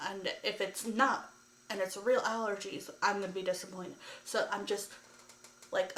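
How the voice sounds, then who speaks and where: A woman's voice: medium pitch, steady tone, normal speed, fairly bright tone, slight background noise. A woman vlogger telling a story to camera in a ranting, exasperated way, with lots of "like" fillers. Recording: echoey room.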